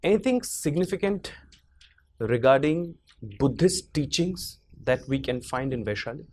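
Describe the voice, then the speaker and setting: A man on an interview board asking measured, probing questions in a formal setting. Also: mid-range voice, animated, a little mellow.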